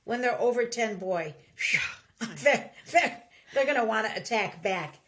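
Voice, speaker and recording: A woman's voice: on the high side, unhurried. A middle-aged woman hosting a podcast, giving casual advice and acting out the voices of people she quotes. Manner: animated, acts out quoted voices. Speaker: podcast host.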